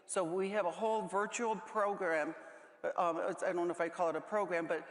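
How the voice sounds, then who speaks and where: An older woman speaking as a panel guest, halting and emotional, close to tears, with many restarts. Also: on the low side, steady tone. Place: large conference hall stage. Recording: echoey hall with long reverb.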